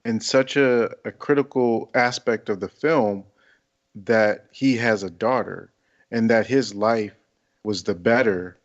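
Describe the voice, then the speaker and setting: A man with a lowish voice lays out his thoughts on a film in a measured, explanatory way. His mic is dull and lo-fi. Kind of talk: casual film discussion.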